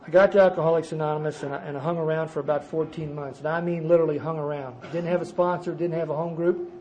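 An older man giving a personal recovery testimony at a conference, telling his story emphatically, jumping from loud bursts to quiet asides. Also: on the high side, fairly even intonation, fast, low-quality recording. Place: conference gathering before a live audience.

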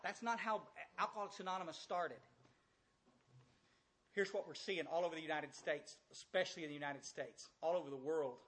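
A man's voice: a little high, fairly bright tone. An older man giving a folksy, blunt recovery talk to a large audience, often repeating himself and asking the room direct questions. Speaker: recovery speaker. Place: large room with a few hundred listeners.

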